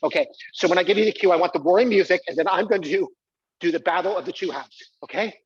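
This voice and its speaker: A man's voice: high-pitched, fast, slightly rough, no room sound, highs cut off. Exuberant man performing a comic stage monologue. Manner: exuberant, squealing with delight, coaxing the audience. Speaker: solo performer. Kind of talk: live comic stage monologue with audience participation. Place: small live venue.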